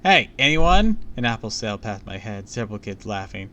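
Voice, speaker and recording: A man's voice: fairly low pitch, level tone, fast, slight background noise. A man streaming a live read-aloud of a book, breaking off into casual comments and jokes. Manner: chatty, comments and jokes between passages.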